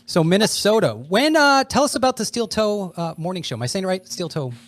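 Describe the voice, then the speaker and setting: A man's voice: high-pitched, very animated, a little fast, fairly bright tone. Joking man on a played podcast. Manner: joking, laughing. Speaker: podcast host. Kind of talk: casual chat.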